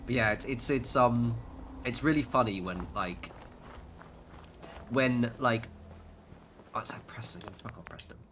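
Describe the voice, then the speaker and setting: A British man chats loosely on a gaming livestream, his voice bright and forward. He wanders through his points with plenty of ums, false starts and casual swearing, over a faint hum of background noise. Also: mid-range voice, a little slow, pauses often. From United Kingdom. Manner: rambling, sweary, many fillers and restarts.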